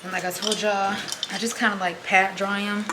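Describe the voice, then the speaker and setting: A woman's voice: medium pitch, level tone, moderate pace, very noisy. Chatty pregnant woman cooking at home. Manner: chatty, calls viewers "girl" and "y'all". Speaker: vlogger. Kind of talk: casual chat while cooking. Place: home kitchen.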